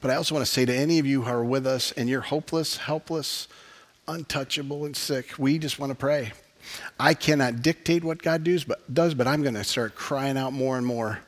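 A man's voice: medium pitch, fairly quick. Male pastor, mid-range voice, earnest impassioned sermon delivery with a closing prayer. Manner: earnest, impassioned preaching with soft laughs.

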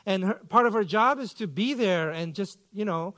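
A man's voice: high voice, moderate pace, bright, forceful tone. A man in his thirties preaching a sermon as pastor, telling a self-mocking story with playful mock outrage.

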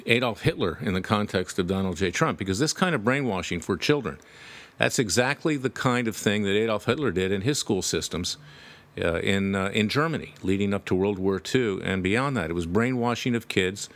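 A man's voice: fairly low pitch, animated, normal speed, fairly bright tone. A man delivering emphatic, indignant political commentary straight to his audience. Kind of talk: direct-to-camera political commentary.

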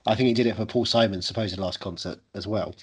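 A man's voice: on the low side, quick pace, breathy edge. A man hosting a podcast, chatting casually with jokey, teasing banter. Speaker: podcast host. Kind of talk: casual comedic chat.

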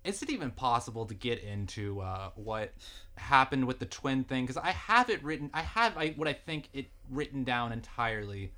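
A man's voice: mid-range voice, animated, normal speed, pushed and bright. A man co-hosting a casual show recap, rambling with lots of fillers. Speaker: podcast co-host.

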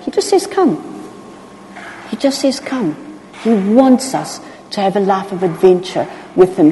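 A woman preaching a sermon, expressive, acting out the voices of people in the story. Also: mid-range voice, slight background noise. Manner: expressive, acts out Bible voices. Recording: long hall reverb.

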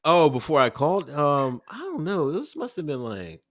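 A man's voice: on the high side, huge pitch swings, normal speed, dry recording. Chill guy rambling in an interview, lots of um and you know, dry close sound. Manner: laid-back, rambling, full of fillers and laughs. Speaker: interview guest. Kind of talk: casual conversational interview.

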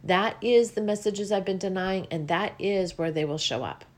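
A woman's voice: mid-range voice, normal speed. Earnest woman giving a spiritual talk. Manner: earnest, repetitive, rising with emotion. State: near tears at times.

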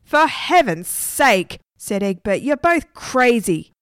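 A woman voicing a bold, sceptical young boy in a storybook reading, exclaiming loudly and dismissively. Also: on the high side, big pitch swings, takes it slowly, clear, resonant tone, no echo, clean studio sound, voice pushed up. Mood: scoffing.

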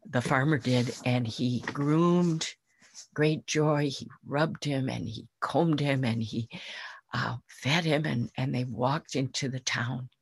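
A woman Zen teacher telling a fable in a dharma talk, gentle and unhurried. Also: very deep voice, a little hiss or hum.

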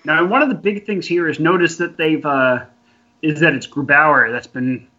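A man's voice: a little high, normal speed, bright, forceful tone. A man co-hosting a casual sports podcast, sarcastic and profane in his banter. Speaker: podcast co-host. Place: in Canada. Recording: dull lo-fi audio.

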